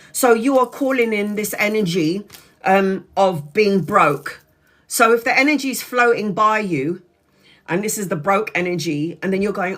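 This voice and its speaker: A woman in her forties gives a live tarot reading straight to her viewer. She talks bluntly and familiarly, with casual swearing, and her voice sits at an ordinary middle pitch. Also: a bit bright, slight background noise. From Brazil. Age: 40s. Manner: frank, swears casually, direct address to viewer. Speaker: tarot reader.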